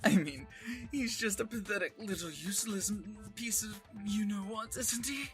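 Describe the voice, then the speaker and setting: A man's voice: sits high, moderate pace, music in the background, pitched above the performer's own voice, close to an everyday voice. A man voicing a manic, self-loathing young man whose voice stays restrained and strained. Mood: self-mocking. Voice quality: strained, breathy delivery.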